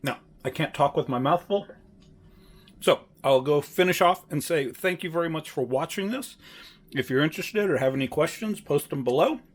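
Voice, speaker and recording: A man's voice: a little high, animated, normal speed. Chatty man cooking at home. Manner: rambling, chatty, self-correcting with many fillers. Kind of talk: casual cooking vlog. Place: home kitchen.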